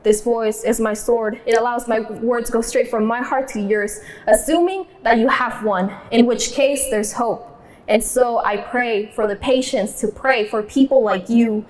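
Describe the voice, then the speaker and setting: A young woman performing spoken word poetry in a defiant, rhythmic delivery, mixing in Spanish lines. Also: fairly high pitch. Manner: defiant, rhythmic, switches between English and Spanish.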